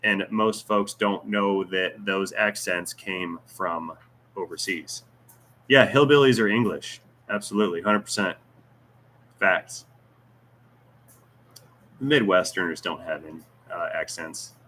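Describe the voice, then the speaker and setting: A man's voice: sits low, slow pace, pauses often, fairly bright tone, slight background noise. A man hosting a casual livestream Q&A, reading viewer comments aloud with jokes, teasing and rambling asides. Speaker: YouTube channel host.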